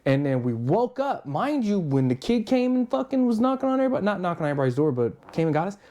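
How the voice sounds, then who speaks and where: This podcast guest has a high voice and talks fast. He's telling a long story in a casual way, profane throughout, animatedly acting out the voices and lines of other people.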